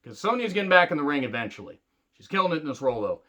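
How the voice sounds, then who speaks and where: A man's voice: on the high side, very animated, very fast, sharp tone, lo-fi sound. A man ranting angrily and sarcastically in a wrestling review, swearing heavily. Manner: angry, sarcastic, heavy swearing. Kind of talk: profane rant review.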